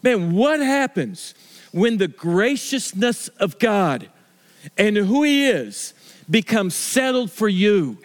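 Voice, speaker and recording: A middle-aged man, a pastor, preaching a sermon in a conversational, story-telling way, with restarts and slow stresses on key words. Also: high-pitched, sing-song.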